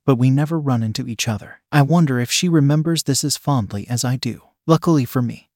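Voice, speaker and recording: A man telling a first-person erotic story in a calm, steady, reflective storytelling manner. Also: medium pitch, a little fast, dry recording, clean studio sound. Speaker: narrator.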